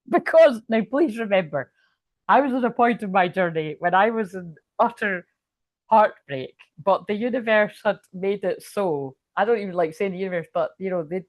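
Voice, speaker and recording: A woman's voice: lowish voice, no room sound. A woman reading tarot in casual talk, rambling, swearing and laughing as she tells a story. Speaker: tarot reader.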